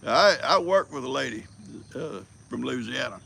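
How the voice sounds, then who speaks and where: A man's voice: medium pitch, expressive, normal speed, background noise. An older man, chatting casually on a livestream, a folksy storyteller who rambles and chuckles. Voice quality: gravelly. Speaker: livestream host.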